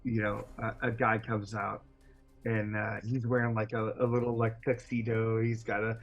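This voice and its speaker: A man's voice: fairly low pitch, monotone, moderate pace, lo-fi sound, faint music behind. Rambling male game master. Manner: rambling and filler-heavy, with chuckles. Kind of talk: narrating a tabletop game.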